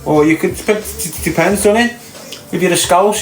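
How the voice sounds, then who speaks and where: A man's voice: high-pitched, moderate pace. A man with a Liverpool accent chatting casually on a podcast, rambling and throwing in rhetorical questions. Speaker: podcast host. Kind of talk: casual chat. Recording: echoey room with faint music.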